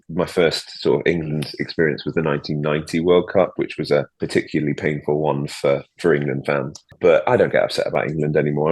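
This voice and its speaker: A man with a very low voice chats as a podcast guest. His humour is dry and self-deprecating. He talks in an easy, unhurried way. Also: breathy edge. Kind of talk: casual chat.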